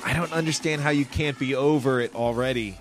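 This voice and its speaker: A man's voice: medium pitch, a little fast, faint music behind. A man in his thirties co-hosting a podcast, chatting casually and laughing as he tells stories. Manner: laughing, animated storytelling. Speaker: podcast co-host. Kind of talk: casual chat.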